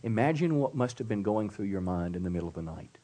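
A man's voice: fairly low pitch, animated, fast talker, warm tone. Fervent preaching man, pastor. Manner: emphatic preaching with "come on" call-outs. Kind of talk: sermon. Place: church service.

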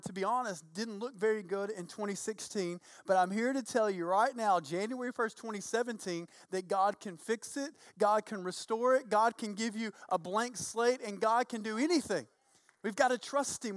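A man preaching a sermon as pastor to a church congregation, energetic and full of rhetorical questions. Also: high voice, no echo. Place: church sanctuary.

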